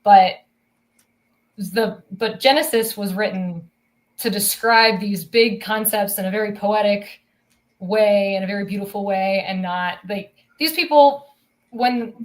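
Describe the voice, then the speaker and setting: A woman's voice: mid-range voice, unhurried. Woman on a faith podcast, thoughtful, lays out her point, casual chat. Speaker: podcast co-host.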